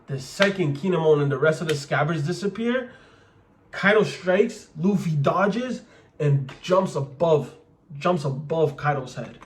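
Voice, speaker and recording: Young guy gushing over a manga chapter, slangy, lots of "like", kinda high voice. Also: a little hiss or hum. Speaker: manga reviewer. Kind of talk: excited casual review.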